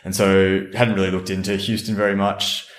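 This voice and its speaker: An Australian man co-hosting a podcast, telling a travel story in a relaxed, rambling way. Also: low voice, moderate pace. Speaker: podcast co-host. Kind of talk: casual chat, storytelling. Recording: roomy echo.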